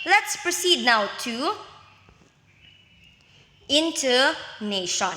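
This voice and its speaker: Slow, bright-voiced woman teacher in an echoey room. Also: fairly high pitch. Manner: slow, step-by-step explaining, frequent "so" and "okay?". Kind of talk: recorded classroom lesson. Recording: echoey room with long reverb.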